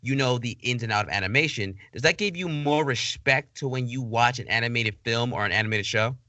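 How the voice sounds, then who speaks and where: A man hosting a podcast interview, asking long, halting, repetitive questions. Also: medium pitch, pushed and bright, no echo. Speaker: podcast host. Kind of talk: casual interview talk.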